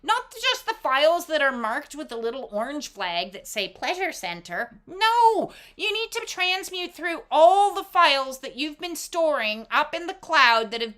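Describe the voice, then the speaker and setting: A woman with a high, sharp-toned voice does a casual oracle card reading, speaking spiritually to the camera. She talks emphatically, with lots of fillers and casual swearing.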